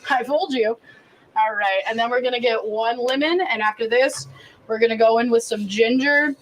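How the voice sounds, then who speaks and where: A woman's voice: a little high, brisk, poor audio. A woman chef hosting a casual outdoor cooking demonstration, chatty and profane, prone to rambling rants. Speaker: cooking show host and chef. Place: outdoors behind a stadium.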